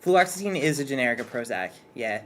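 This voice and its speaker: At a quick pace and with an animated, fairly bright mid-range voice, the streamer's partner—also there as a guest artist—chats casually at home. He rambles hesitantly and keeps nervously restarting. Slight background noise can be heard.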